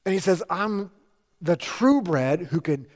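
A man delivers a sermon in a high, ringing voice. He drives his points home with repeated phrases that rise in emphasis. His words linger in the long reverb of a large hall. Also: expressive, a little slow. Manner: emphatic preaching with repeated lists and rising emphasis. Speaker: pastor.

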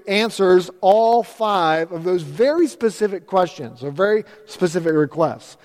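A middle-aged male pastor preaching a chatty, joking sermon to his congregation. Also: high-pitched. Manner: upbeat, chatty, jokes with the congregation. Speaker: transitional pastor. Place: church sanctuary. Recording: long church hall reverb.

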